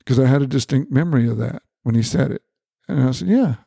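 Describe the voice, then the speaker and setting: A middle-aged man with a gravelly, mellow voice tells a personal story in an earnest, conversational way. He stumbles and repeats words, then lifts his pitch to act out quoted lines. The recording is dry and close. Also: lively intonation, fast talker, no echo. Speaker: guest, family doctor.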